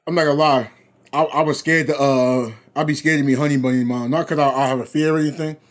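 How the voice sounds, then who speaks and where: A man's voice: on the high side, fairly even intonation, fast talker. A man streaming a game, chatting casually and rambling, acting out quoted voices of other people. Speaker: gaming livestreamer. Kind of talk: casual livestream chat.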